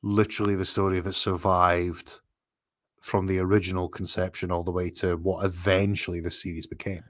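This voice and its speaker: Low-voiced man musing casually. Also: little pitch movement, a bit bright, dry recording, clean studio sound. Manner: musing, analytical, with thinking pauses. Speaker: podcast co-host. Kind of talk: casual chat.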